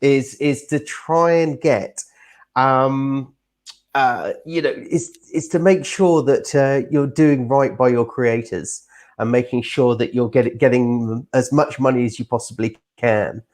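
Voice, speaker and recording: A man's voice: medium pitch, slow, darkish tone. Rambling middle-aged male publisher. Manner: rambling, repeats words, many fillers. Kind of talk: casual video-call chat.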